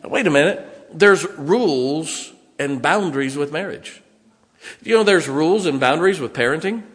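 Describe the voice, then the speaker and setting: A man's voice: fairly high pitch, lively intonation, normal speed, fairly bright tone. An older man preaching a sermon as pastor, telling folksy stories in a plain-spoken way and asking the congregation questions. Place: church sanctuary. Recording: long reverb in a church hall.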